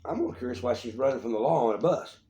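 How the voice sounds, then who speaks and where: A man's voice: medium pitch, animated, quick pace, mellow. Blunt, crude male co-host, roomy echo. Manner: blunt, crude, skeptical quips. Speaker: podcast co-host. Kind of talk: casual comedic news chat.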